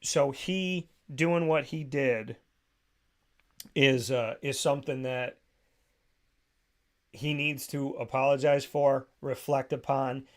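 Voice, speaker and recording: A man hosting a radio talk show, telling stories in a casual, animated way and mimicking other voices. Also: medium pitch, slow, pauses often. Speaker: radio host.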